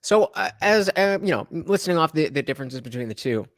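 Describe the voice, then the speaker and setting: A man's voice: on the high side, animated, fairly quick, no room sound, clean studio sound. A man hosting a reaction show, giving casual, rambling commentary with many restarts and fillers.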